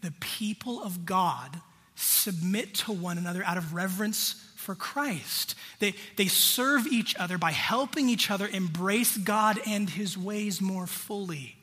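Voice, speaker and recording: A man delivers a sermon in a hall with a long, ringing reverb. His voice sits high and bright, with a husky edge. He talks to the congregation in a direct, conversational way. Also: a little slow. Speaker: pastor.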